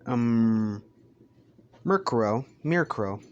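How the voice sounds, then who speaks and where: A man's voice: mid-range voice, lively intonation, slow, dull audio, a little hiss or hum. Rambling young man telling a story. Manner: rambling, swearing, stumbles on names. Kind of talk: improvised fan story narration.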